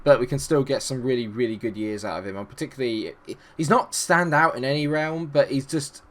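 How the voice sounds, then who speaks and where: A man giving chatty, excitable commentary on a management game, full of rambling asides. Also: mid-range voice, a little fast. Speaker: gaming YouTuber.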